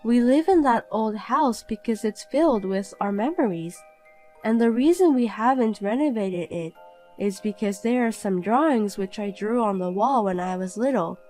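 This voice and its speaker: A woman voicing a calm young woman in an animated story who answers back coolly and pointedly. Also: a little high, moderate pace, faint music behind, close to an everyday voice. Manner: cool, pointed replies.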